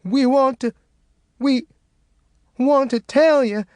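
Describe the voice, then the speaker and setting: A man doing a high frantic woman, sobbing, dry close mic. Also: slow pace, darkish tone, dry recording. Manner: screaming and sobbing.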